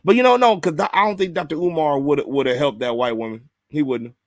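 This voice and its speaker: A man's voice: fairly high pitch, a little fast, dry recording. A man hosting a podcast in casual review chat, rambling and cursing, laughing and reading viewer comments aloud. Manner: rambling, profane, repeats himself. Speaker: podcast host.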